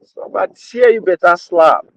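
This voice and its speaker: A man with a Nigerian accent hosts a podcast, offering opinionated commentary and hammering points home by repeating phrases and slipping into Pidgin. His voice sits high and sounds gravelly, at a normal speed, with a little hiss or hum. The recording is dull, lo-fi and dry.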